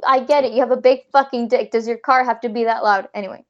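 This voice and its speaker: A woman improvising a comic scenario for her friends, rambling with quick, profane asides. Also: a little high, fairly even intonation, muffled recording. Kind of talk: casual comedic storytelling.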